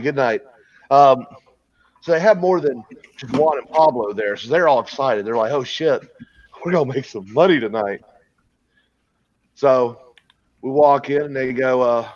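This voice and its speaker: A podcast host casually tells a long, crude story, rambling, restarting often, and laughing at his own tale. His medium-pitched voice is animated at a normal speed with frequent pauses, and the recording is dry with a dull lo-fi sound.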